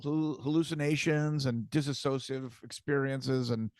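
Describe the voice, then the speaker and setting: A man hosting a podcast, telling stories in casual chat, halting and repeating words as he goes. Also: medium pitch, fairly even intonation, crowd noise. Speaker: podcast host.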